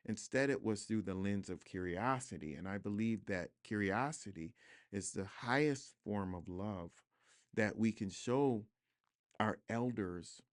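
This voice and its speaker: A man with a fairly low voice talks as a guest in a studio interview. He is reflective and earnest, and at times he builds to emphatic repetition. The tone is smooth and full, and the sound is dry and close. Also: unhurried, dry recording. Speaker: guest author. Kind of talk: podcast interview conversation.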